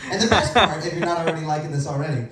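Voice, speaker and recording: Self-deprecating stand-up comic, echoey room. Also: male voice, on the high side, very fast, distant mic, a loud crowd. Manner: self-deprecating, laughs at own jokes. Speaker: stand-up comedian. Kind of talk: stand-up comedy set. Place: comedy club stage.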